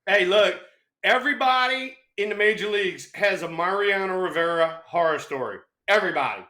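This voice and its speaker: A man's voice: sits high, expressive, a little fast, bright, forceful tone. A man co-host telling baseball stories in a brash, profane, emphatic way. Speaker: podcast co-host, former ballplayer. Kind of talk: casual storytelling.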